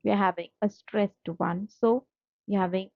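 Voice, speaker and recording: A woman's voice: medium pitch, fairly even intonation, normal speed, gravelly, no echo. A woman teaching a slide-based literature lesson, patient and methodical, repeating key terms and spelling out each syllable. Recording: dull lo-fi dry recording.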